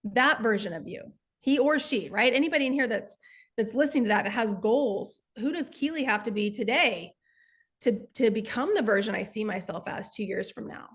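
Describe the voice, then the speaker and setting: A woman's voice: a little high, lively intonation, normal speed, slightly rough. A woman, earnestly telling motivational stories as a guest and sales coach. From Texas. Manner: earnest, emphatic, addresses listeners as y'all. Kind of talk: motivational storytelling.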